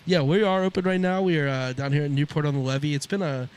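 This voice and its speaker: A man's voice: fairly high pitch, steady tone, quick pace, a little hiss or hum. A man co-hosting a casual podcast, easygoing and agreeable, recorded in an open shop. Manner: easygoing, agreeable, chiming in with "yeah". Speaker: podcast co-host. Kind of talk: casual chat. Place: open shop at a riverside shopping center.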